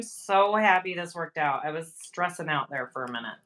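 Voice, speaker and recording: A woman hosting a casual sewing livestream, upbeat and quick to praise, laughing often as she works. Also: deep voice, expressive, a bit bright, a little hiss or hum, poor audio. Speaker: sewing channel host. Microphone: livestream camera mic.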